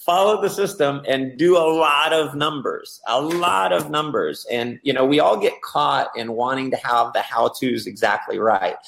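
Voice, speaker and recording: A man talking casually about recruiting in network marketing, telling stories and acting out excited quotes. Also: mid-range voice, normal speed, gravelly, hardly any pauses, slight background noise. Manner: storytelling, animated, acts out excited quotes with laughs. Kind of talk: casual talk.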